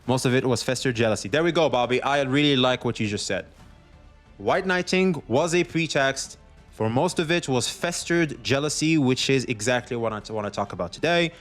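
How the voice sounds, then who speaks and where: A man streams commentary on online drama, talking casually and animatedly with lots of profanity while acting out what others say in quoted voices. His medium-pitched voice is a little fast, with soft music playing in the background.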